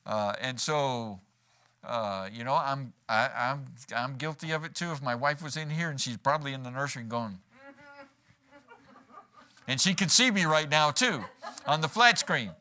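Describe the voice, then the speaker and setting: A man's voice: mid-range voice, normal speed, sharp tone, smooth. A man preaching a sermon in a church, folksy and joking, acting out quoted lines as he goes. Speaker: pastor. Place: church sanctuary.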